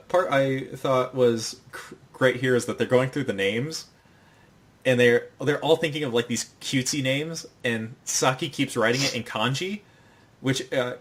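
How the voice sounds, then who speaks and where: A young man co-hosting a podcast, casually recapping an anime episode in a rambling way and acting out the characters' lines in quick put-on voices. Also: mid-range voice, fairly bright tone. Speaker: podcast co-host.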